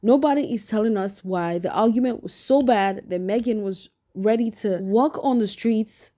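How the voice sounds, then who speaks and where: A woman recaps and reacts to a documentary in a chatty, opinionated way, calling things out and turning to her viewers as she goes. Her voice sits at an ordinary middle pitch. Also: normal speed, mellow. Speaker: commentary YouTuber. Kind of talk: reaction commentary.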